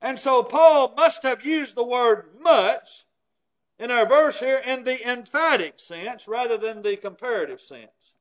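High-voiced man preaching a sermon. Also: unhurried. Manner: emphatic, explains scripture with everyday examples.

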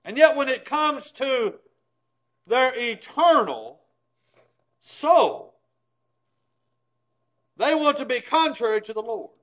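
A man preaches a sermon in a high voice. He talks in a folksy way and chuckles at his own points. He swings between loud, emphatic bursts and low, quiet asides. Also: sing-song, slow pace, long pauses, rough recording.

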